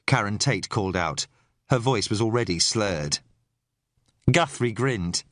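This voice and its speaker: A man reading a first-person thriller audiobook in an even, expressive storytelling voice. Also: lowish voice, unhurried, pauses often, dry recording, clean studio sound. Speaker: audiobook narrator.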